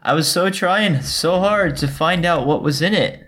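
A man's voice: a little high, unhurried. A man in his twenties co-hosting a podcast, chatting casually and joking with frequent laughter. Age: 20s. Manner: joking, laughs often, animated. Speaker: podcast co-host. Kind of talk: casual chat.

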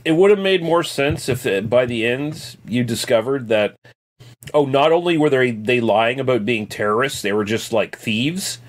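A man's voice: medium pitch, normal speed. A man co-hosting a podcast, talking about a movie in a laid-back, agreeable way with lots of fillers. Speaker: podcast co-host. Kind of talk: casual movie review chat.

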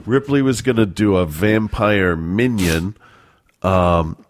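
Casual podcast co-host, thirties, deep voice, dry close sound, loose and profane. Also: male voice, slow pace, no room sound. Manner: rambling, profane storytelling. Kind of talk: casual chat.

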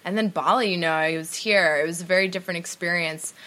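A young woman from New York, chatting as a guest in an interview and telling stories in a casual way, sometimes dropping to a quiet voice. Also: on the low side, fast.

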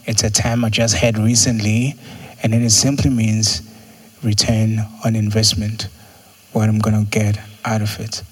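Husky-voiced man preaching casually. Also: level tone, measured pace. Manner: conversational, acts out quotes with jumps in pitch. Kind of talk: sermon.

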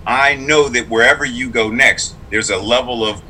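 Man, clergy and teacher, very bright forceful tone, earnest, reflective, faint noise behind. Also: mid-range voice, normal speed, poor audio. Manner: earnest, reflective, emphatic storyteller. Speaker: clergy member and public school teacher. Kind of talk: casual conversational interview.

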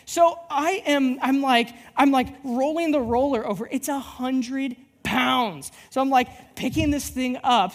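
Animated preacher in a reverberant hall. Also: male voice, very high-pitched. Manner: animated, rambling storyteller with many restarts. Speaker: church-planting pastor. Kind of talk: sermon with a personal story.

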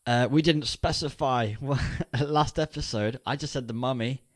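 A man's voice: medium pitch, moderate pace, dry recording. Man, podcast host, casual chat, teasing humor, dry close recording. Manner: jokey, teasing introductions.

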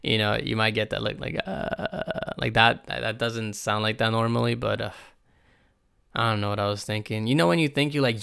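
A hoarse young man with a raspy voice, hosting his podcast in a rambling, unscripted way with lots of fillers and swearing. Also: fairly low pitch, steady tone, moderate pace, a bit bright. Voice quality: raspy, gravelly. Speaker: podcast host. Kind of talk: casual unscripted podcast monologue.

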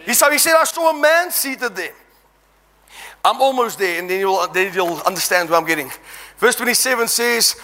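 A man's voice: very high voice, pushed and bright. A man preaching an impassioned sermon, reading scripture aloud and exhorting his congregation. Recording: long reverb in a large hall.

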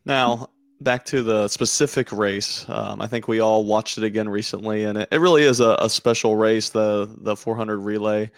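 A man hosting an interview, asking measured questions with a few fillers. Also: fairly low pitch, fairly even intonation, dry recording, clean studio sound. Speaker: podcast host.

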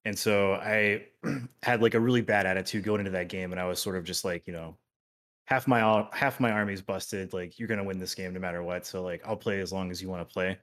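Laid back guy chatting on a podcast, lowish voice, fades out at the ends. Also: a little fast. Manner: relaxed, trails off quietly at phrase ends. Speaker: podcast guest. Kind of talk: casual podcast chat.

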